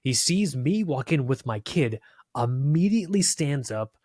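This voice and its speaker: A man co-hosts a podcast in the studio, telling a story in casual chat with a medium-pitched, sing-song, darkish voice at a slightly slow pace. He swears a lot and keeps restarting his sentences, captured in clean studio sound with no room noise.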